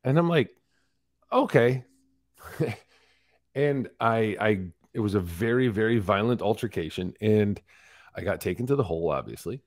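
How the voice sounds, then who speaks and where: A man's voice: on the low side, moderate pace, dry recording, clean studio sound. A man in his forties, a podcast guest, telling his life story candidly and acting out what others said. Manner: candid, animated retelling with acted-out quotes. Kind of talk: storytelling interview.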